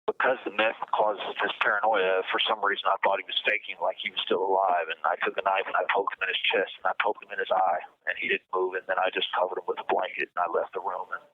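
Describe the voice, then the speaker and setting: A man interviewed as a guest over a phone line, talking in a halting way and often repeating words. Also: sits low.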